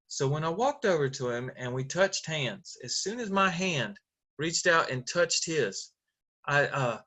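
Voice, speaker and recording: Middle-aged man, district leader on a video call, bright and forceful, earnest, lots of fillers. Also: fairly high pitch. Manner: earnest storytelling with frequent fillers and restarts. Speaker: Rotary district governor.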